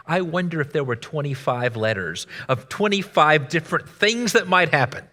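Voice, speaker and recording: Male preacher, high and bright in tone, storytelling sermon that moves between loud and hushed, church reverb. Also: sing-song, normal speed, hardly any pauses. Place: church sanctuary. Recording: echoey sanctuary reverb.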